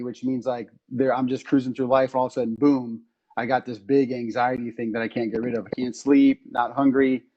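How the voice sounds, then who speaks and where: Casual man explaining, slightly muffled audio. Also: mid-range voice. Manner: animated storytelling with acted-out quotes. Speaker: podcast co-host explaining psychology. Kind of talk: casual explanatory podcast talk.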